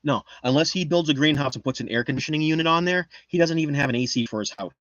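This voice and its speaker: A man's voice: a little high, very fast, fairly bright tone, no room sound, highs cut off. A man chatting casually on a livestream, reading the chat and rambling in a boastful, joking way. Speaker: livestream host.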